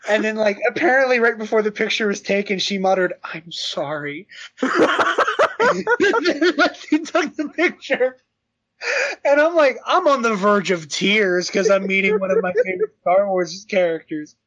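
A young man chatting casually on a podcast, telling a funny story with excitement and frequent laughter. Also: high voice, moderate pace. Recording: slightly dull lo-fi sound.

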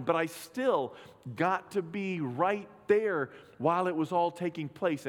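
A middle-aged man, a pastor telling personal stories in a conversational sermon, acting out gasps and quotes. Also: sits high. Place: church sanctuary. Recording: long hall reverb.

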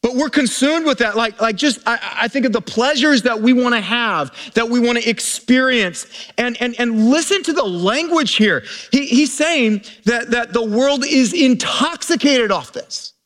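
High-voiced man preaching a sermon. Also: normal speed, a bit bright. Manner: informal, restarts and repeats words often. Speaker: pastor. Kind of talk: conversational sermon. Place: church service before a live congregation.

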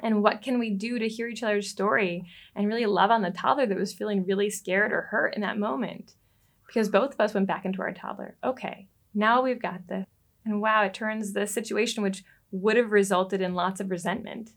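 A relationship coach appearing as a podcast guest tells a personal story in a lively, animated way. Her voice is medium-pitched, she laughs often, and she acts out the lines she quotes.

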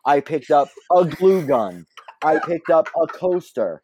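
A man with a mellow, warm voice tells a personal story as a guest, chatty and self-deprecating. He laughs often and keeps breaking off into asides and fillers. The sound is dry and close. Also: on the high side, very animated, measured pace, husky, no room sound. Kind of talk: casual anecdotal storytelling.

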